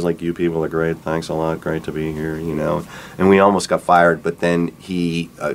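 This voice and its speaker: Low-voiced man telling rock stories. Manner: relaxed, rambling, acts out quotes with laughs. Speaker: rock guitarist telling his career story. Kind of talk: casual storytelling interview.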